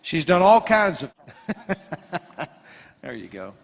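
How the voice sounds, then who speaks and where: A man's voice: on the high side, very animated, slow, gravelly. A man, leading an onstage interview with easygoing prompts. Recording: long hall reverb.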